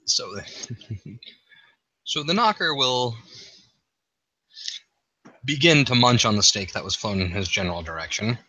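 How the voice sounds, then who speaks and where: Guy gm narrating a tabletop game, slow, halting with fillers, super dry close mic. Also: medium pitch, pushed and bright, no room sound. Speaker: game master.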